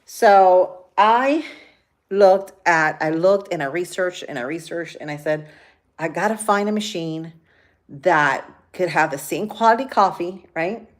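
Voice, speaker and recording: A woman in her fifties from Spain chats on a cooking livestream from her home kitchen. She rambles along with plenty of fillers, her voice sitting a little low. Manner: chatty, rambling, with many fillers. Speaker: livestream host. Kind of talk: casual livestream chat while cooking.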